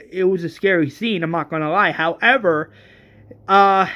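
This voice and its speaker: Slow, exasperated movie-review ranter. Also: mid-range voice. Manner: exasperated, excitable, with frequent restarts and swearing.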